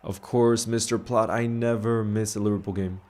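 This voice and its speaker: Speaking at normal speed with a fairly low pitch and little pitch movement, this laid-back man hosts a match watch-along stream. He grew up largely in New York, reads out viewer messages in casual live chat, and keeps it chummy with "bro" and shout-outs.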